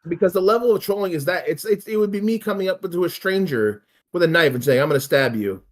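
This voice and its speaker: Animated man ranting casually. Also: sits high, fast. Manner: profane, animated ranting with laughs. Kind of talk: casual chat.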